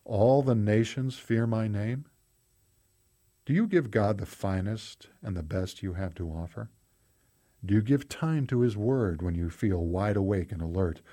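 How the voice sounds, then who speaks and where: Low, mellow-voiced devotional reader. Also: male voice, lively intonation, normal speed. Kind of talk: scripted devotional narration for children.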